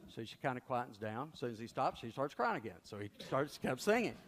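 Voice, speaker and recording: A male pastor preaching a sermon and telling a story in an animated way. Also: medium pitch, a little fast. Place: large church. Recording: long reverb of a large church.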